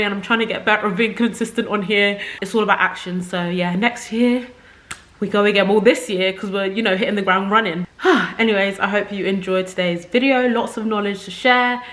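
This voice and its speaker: A woman's voice: mid-range voice, a bit bright. A young woman beauty creator chatting casually to camera from a makeup setup at home, rambling and effusive.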